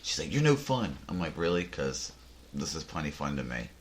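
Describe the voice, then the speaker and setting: A man hosting a podcast, telling a casual story in a rambling way, full of restarts and deadpan jokes. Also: very deep voice, a little fast. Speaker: podcast host. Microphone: headphones and desk mic.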